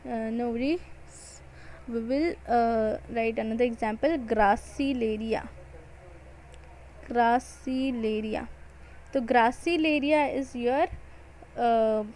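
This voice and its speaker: A woman's voice: a little high, a little mellow, a little hiss or hum, low-quality recording. A woman with an Indian English accent giving an exam-prep biology lecture, repeating and stressing key points. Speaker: biology teacher.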